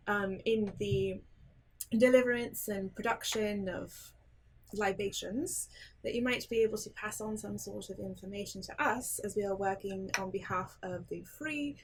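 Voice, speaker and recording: A woman's voice: medium pitch, fairly even intonation, moderate pace, slight background noise, low-quality recording. A woman playing a tabletop game, speaking in character in a formal, polite way. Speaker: player. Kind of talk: in-character tabletop role-play.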